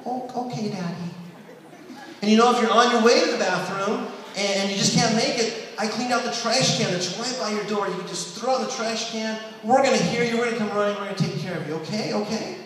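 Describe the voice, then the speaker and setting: A man doing a stand-up routine, telling a long family story and dropping to a soft hush for quoted lines. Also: sits high, quick pace, few pauses, a little hiss or hum. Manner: storytelling, drops to a soft hush for quoted prayers and bedtime talk. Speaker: stand-up comedian. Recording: echoey hall from far off.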